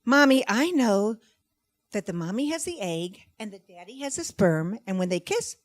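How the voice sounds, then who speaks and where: A woman's voice: mid-range voice, sing-song, moderate pace, natural voice. A woman voicing her young schoolgirl daughter, earnest and naive, in a stand-up comedy story.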